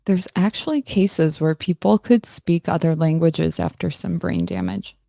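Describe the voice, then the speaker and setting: A woman's voice: sits low, big pitch swings, a little slow, vocal fry, dark tone, no room sound, studio quality. A woman hosting a live stream in a casual, rambling, self-mocking chat, answering her viewers.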